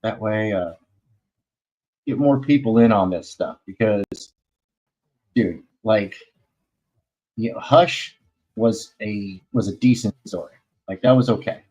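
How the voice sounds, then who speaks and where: A man's voice: fairly low pitch, takes it slowly, long pauses, a little mellow, low-quality recording. A man hosting a comics talk stream in casual chat, rambling, loose and slangy, with many fillers.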